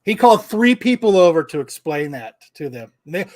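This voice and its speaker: A male podcast co-host in casual chat, voice sitting a bit high for a man. He tells stories with a lot of swearing and plays every part himself. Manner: animated, profane, acts out quoted exchanges.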